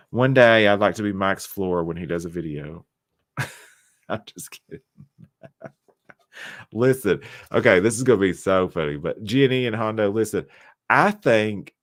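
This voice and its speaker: A man hosts a loose, chatty livestream, teasing his viewers and joking back at their comments. His voice sits on the low side and the sound is dry and close, with a loose, tipsy edge from wine. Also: no echo. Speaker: livestream host. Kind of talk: casual livestream chat with viewers.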